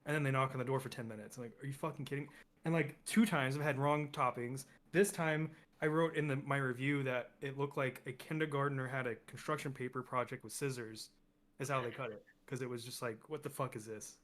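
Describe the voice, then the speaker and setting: A young man co-hosting a casual podcast rants in exasperation, his speech rushing into fast bursts as he gets heated. He has a mid-range, fairly bright voice with fairly even intonation.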